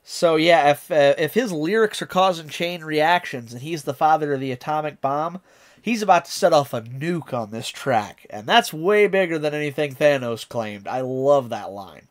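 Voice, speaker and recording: A man's voice: fairly high pitch, expressive, normal speed. A man streaming a casual reaction, chatty and enthusiastic as he explains lyrics.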